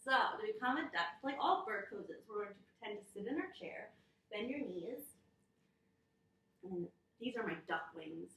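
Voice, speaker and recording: A woman leading a children's yoga storytime, speaking gently and encouragingly and making animal sounds. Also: medium pitch, animated, moderate pace, gravelly, far from the mic, slight background noise. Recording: echoey room.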